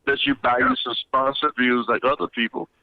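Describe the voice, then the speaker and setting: A man with an average-pitched voice speaks emphatically in a livestream chat, repeating his points. His audio comes through dull and lo-fi, like a weak call connection. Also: fairly quick, gravelly, no echo. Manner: repetitive, emphatic interjections.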